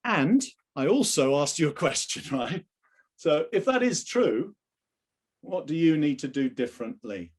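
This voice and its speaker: A man's voice: fairly high pitch, sing-song, unhurried. A man running a live online sales training session over a video call, emphatic and full of rhetorical questions.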